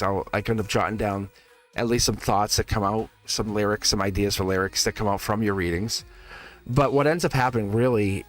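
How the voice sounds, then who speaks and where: A man hosting a live tarot reading stream, chatting casually with viewers, laughing often and repeating himself as he talks. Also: on the low side. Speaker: tarot reader, livestream host.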